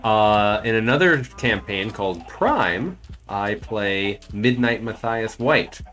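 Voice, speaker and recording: A man's voice: on the low side, lively intonation, slow, a bit bright. Man rambling casually over a game stream. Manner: rambling, thinking aloud. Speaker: streamer and voice actor.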